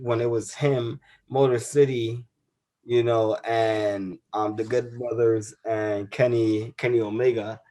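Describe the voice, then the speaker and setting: A young man with an average-pitched voice co-hosts a casual wrestling show. He rambles in a relaxed way and restarts his sentences often. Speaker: co-host.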